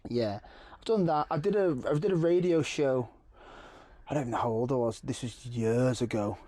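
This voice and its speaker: An English man chatting casually as a podcast guest, laughing often and throwing in quick asides. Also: medium pitch, mellow, no room sound. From England. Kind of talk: casual chat.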